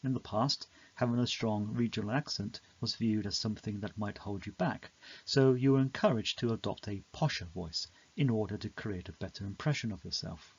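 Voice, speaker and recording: Low, husky man narrating a lesson. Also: lo-fi sound. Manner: measured, clear and explanatory. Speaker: teacher explaining a poem. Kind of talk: scripted educational narration.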